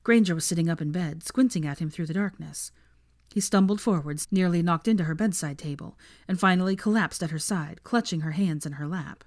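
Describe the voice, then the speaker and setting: Low-voiced woman narrating fan fiction. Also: a little fast, a little mellow, dry recording, studio quality. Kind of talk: reading fan fiction aloud.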